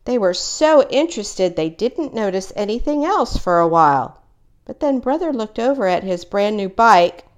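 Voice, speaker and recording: Animated woman reading a storybook. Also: medium pitch, normal speed. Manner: animated, voicing each character in turn. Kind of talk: reading a children's picture book aloud.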